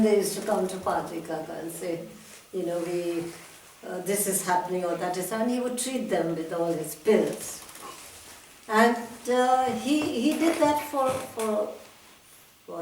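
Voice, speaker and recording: An older woman with a highish, darkish-toned voice recounts a personal memory as a guest speaker, stopping to restart and laughing a little along the way. She is heard from far off in an echoey hall, with slight background noise.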